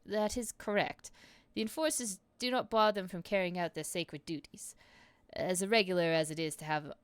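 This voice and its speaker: A stern, scornful male enforcer captain, as a woman puts him on, speaking in stiff, officious military phrasing. The voice sits fairly low and sounds dry and close, with no room around it. He reads like game dialogue. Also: moderate pace, smooth, dry recording, close to an everyday voice. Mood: stiff formal. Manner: formal, stiff military speech. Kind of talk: reading game dialogue aloud.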